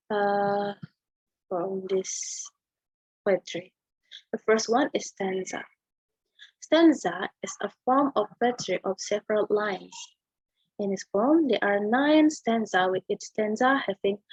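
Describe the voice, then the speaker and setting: Hesitant Indonesian student, husky and slow. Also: female voice, medium pitch, no echo. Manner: hesitant, many fillers and tag questions. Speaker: student presenter. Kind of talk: class presentation explaining a poem. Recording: dull lo-fi home recording.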